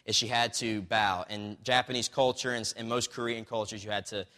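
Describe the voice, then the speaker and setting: A man with a lowish, steady yet bright and forceful voice retells a story in a sermon, speaking fairly quickly. He reads bits from a book and talks loosely, with many fillers and restarts, all under the long reverb of a hall.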